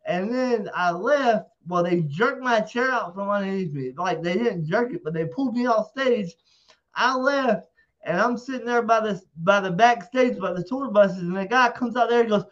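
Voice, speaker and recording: A man's voice: high-pitched, normal speed. A man, an interview guest, telling a story casually, swearing freely and acting out what people said. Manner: profane, animated, acts out quotes. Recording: dull lo-fi audio.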